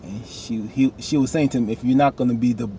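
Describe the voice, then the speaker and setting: Animated man recapping a TV episode. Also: medium pitch, brisk, slight background noise. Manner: animated, talks back to characters with rising outbursts. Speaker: TV recap vlogger.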